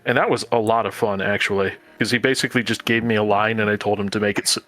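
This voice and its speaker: A man who coaches voice-over, chatting casually and explaining things in a measured way. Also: on the low side, steady tone, a bit bright. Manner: measured, explanatory, offers tips. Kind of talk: casual group chat.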